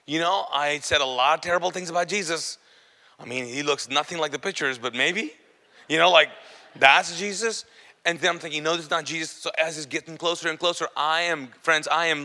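A man giving a personal testimony to an audience, telling his story with animated, self-mocking humor. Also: on the high side, a little fast, in a large hall.

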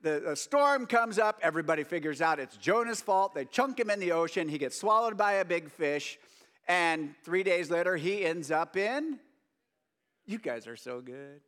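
High-voiced, joking preacher. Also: male voice, expressive, normal speed, a bit bright. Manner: joking, chatty asides to the audience. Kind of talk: casual conversational sermon.

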